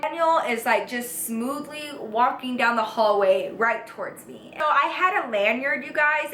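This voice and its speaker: A woman's voice: on the high side, pushed and bright, reverberant, a little hiss or hum. A woman, chatty, swearing a lot and saying "like" constantly. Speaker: YouTube storyteller. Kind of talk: casual storytime vlog.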